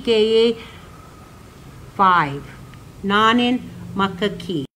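An older woman teaching children speaks in an animated mid-range voice, moving slowly and gently through counting, singing, and words for the kids to repeat. It's a low-quality recording with a little hiss or hum.

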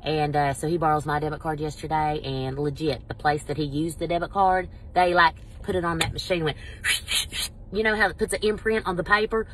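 A middle-aged woman telling a story in a casual vlog, animated and exasperated. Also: low-pitched, brisk, a little hiss or hum. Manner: animated, exasperated, quotes people in voices. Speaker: vlogger.

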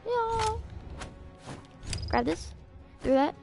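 Excitable high-pitched gaming streamer. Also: female voice, unhurried, long pauses. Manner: excitable, trash-talking, frequent outbursts. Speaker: game streamer. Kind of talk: casual live-stream commentary while gaming. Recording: background music over voice. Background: music playing.

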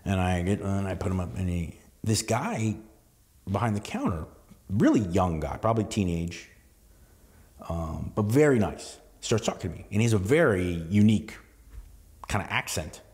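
A man's voice: low-pitched, very animated, moderate pace, darkish tone, long reverb tail. A man from southern California hosting a podcast, talking in a loose, rambling solo monologue with lots of restarts and cursing. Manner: rambling, profane, full of restarts and asides. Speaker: podcast host.

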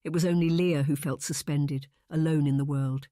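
A man narrating a historical romance audiobook in a measured, even reading. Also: on the high side, no echo, studio quality. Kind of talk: scripted narration.

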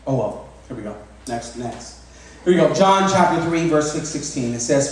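A man in his thirties preaching a sermon as pastor, repeating words and restarting often, with lively emphasis. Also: a little high, normal speed. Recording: echoey hall, mic from far off.

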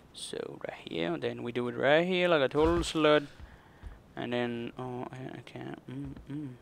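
A man's voice: mid-range voice, vocal fry, slight background noise. A man commenting on his own gameplay, muttering and cursing at the game in frustration. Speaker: gaming channel host. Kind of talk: let's play commentary.

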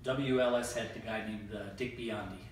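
An older man hosting a casual oldies chat, relaxed and rambling, pausing often to think. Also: fairly low pitch, slight background noise. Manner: relaxed, rambling with frequent "uh" pauses. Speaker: host. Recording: echoey room, distant mic, music underneath.

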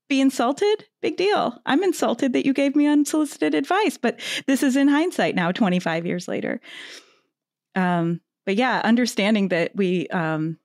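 A woman's voice: medium pitch, darkish tone, no room sound. Earnest woman, dry close sound. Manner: earnest, reflective, advice-giving. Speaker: podcast co-host. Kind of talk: casual chat.

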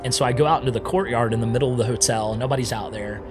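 A man tells his story on a podcast, lively and conversational, often slipping into his own remembered words. His voice sits at an ordinary pitch. Music plays clearly behind him. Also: racing. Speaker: podcast guest. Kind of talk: casual storytelling interview.

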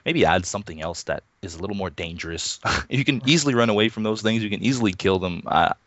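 A low-voiced man in his thirties talks casually as an interview guest, relaxed and chuckling, full of "um"s and restarts. The sound is dry and a bit muffled, like an online voice call. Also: quick pace, no room sound. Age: 30s. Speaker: interview guest, Minecraft YouTuber.

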